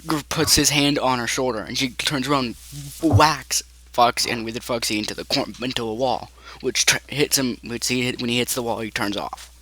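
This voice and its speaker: A man's voice: medium pitch, steady tone, normal speed, sharp tone, rough recording. A man improvising a horror choose-your-path story as game master, with frequent restarts.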